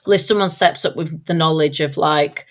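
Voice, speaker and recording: A woman's voice: low-pitched, normal speed. A woman co-hosting a podcast in casual chat, thinking aloud with lots of fillers and restarts. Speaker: podcast co-host.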